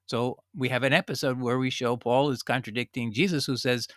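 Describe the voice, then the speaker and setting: Bright-voiced man teaching the Bible. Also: mid-range voice, steady tone, fairly quick, no room sound, clean studio sound. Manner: conversational, earnest, reads scripture aloud and explains. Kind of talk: informal Bible study talk.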